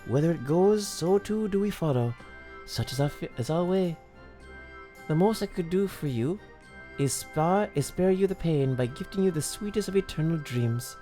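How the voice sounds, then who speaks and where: A man's voice: a little high, expressive, mellow, voice pushed up, close to an everyday voice. Guy doing a dramatic scottish-accent fairy royal, doting and wounded, faint music behind. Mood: doting, grand. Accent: attempted Scottish. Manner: theatrical, drawn-out reading with stumbles. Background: faint game music.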